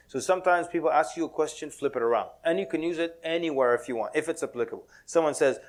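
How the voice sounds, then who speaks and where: Guy giving a talk at a mosque, kinda high voice, jokey and animated, tosses in arabic words. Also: fast, hardly any pauses. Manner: animated, playful, drops Arabic words, laughs often. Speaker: Muslim speaker giving a talk. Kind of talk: lively talk at a mosque with jokes and acted quotes. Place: mosque hall with audience.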